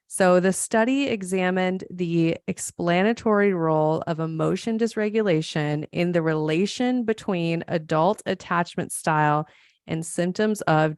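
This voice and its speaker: A clinical psychologist from Montana hosts her own solo podcast, explaining ideas earnestly and warmly with self-deprecating asides. Her voice is fairly low and clean, captured in clean studio sound with no echo.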